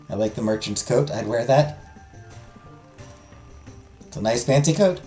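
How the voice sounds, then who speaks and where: A man's voice: on the low side, lively intonation, normal speed, long pauses, dark tone. A man, a let's play host, making sarcastic, joking asides in casual commentary. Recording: echoey room, faint music.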